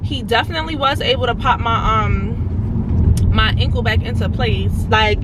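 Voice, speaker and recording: A woman's voice: fairly high pitch, background noise. A woman animatedly telling her followers a story in casual, profanity-filled talk, addressing them as y'all.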